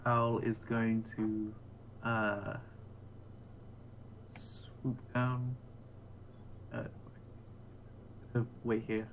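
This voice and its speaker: Calm, cautious man playing a tabletop game. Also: lowish voice, extremely slow, long pauses, a little hiss or hum, rough recording. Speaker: player.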